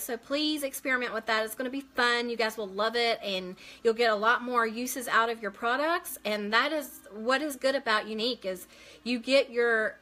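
A woman's voice: high voice, pushed and bright. A woman hosting a casual live makeup stream, chatting as she works and answering viewer comments aloud.

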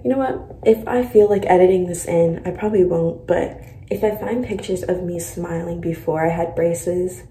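A woman's voice: lowish voice, mellow, reverberant, a little hiss or hum, poor audio. Giddy, nervous teenage girl vlogging. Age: teens. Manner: giddy and nervous, lots of "like", drops into whispers. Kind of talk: casual vlog talk to camera.

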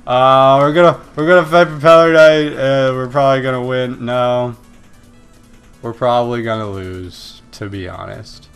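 A man's voice: medium pitch, moderate pace, fairly bright tone, clean tone, soft background music. A young man in the middle of his vocal range hosts a casual let's-play. He rambles between thoughts, makes fun of himself and keeps up loose running commentary. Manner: rambling, self-deprecating, jokey. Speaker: gaming video host.

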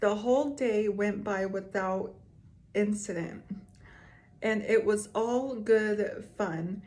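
A woman's voice: mid-range voice, darkish tone. Woman reading spooky stories to her audience, taking her time, with small reactions between lines. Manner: slow, reads aloud with asides and reactions. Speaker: storyteller reading creepy stories. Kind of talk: casual reading of scary stories to viewers.

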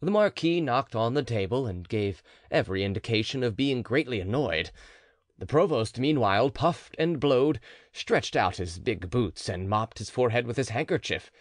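Lively male audiobook narrator. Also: medium pitch, moderate pace, no echo, studio quality.

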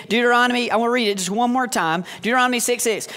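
A man's voice: extremely high pitch, rapid-fire, few pauses, sharp tone. A man in his thirties, a pastor preaching a sermon with joking asides and sarcastic humor.

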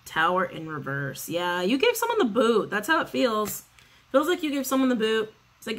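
A woman's voice: a little high, sing-song, normal speed, fairly bright tone. A woman giving a casual spoken tarot reading, chatty and sassy, swearing freely and repeating her phrases. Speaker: tarot reader.

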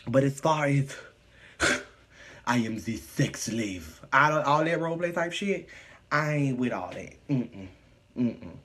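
On a laid-back live stream, a man reads out viewer comments and replies with animated, profane sass. His mid-range voice stays unhurried.

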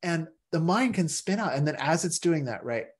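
A male meditation teacher giving a casual class talk, acting out inner voices with sudden jumps into a high, excited tone. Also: a little fast.

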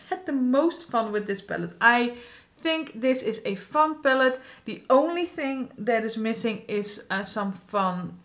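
Beauty vlogger, female, casual rambling delivery, a touch high in pitch. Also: fairly bright tone. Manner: chatty, rambling, many fillers. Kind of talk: casual makeup chat.

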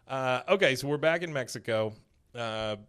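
A man's voice: medium pitch, normal speed, a bit bright, smooth. Casual male podcast host recapping. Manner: retells scenes, quoting characters in light put-on voices.

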